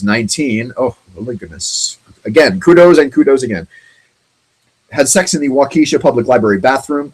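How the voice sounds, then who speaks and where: A man talks through strange news stories as the host of his own online show. His voice is husky and a bit breathy, sitting at an ordinary middle pitch. He rambles, stalls on ums and uhs, and drops sarcastic little jokes between the facts. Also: low-quality recording. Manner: rambling, halting, with many ums and asides; sarcastic, jokey remarks on the stories. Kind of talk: casual commentary on odd news stories.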